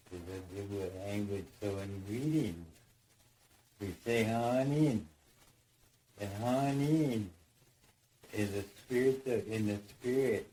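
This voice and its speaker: Mellow man telling a dream story. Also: lowish voice, poor audio. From United States. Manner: rambling, repeats phrases, acts out voices.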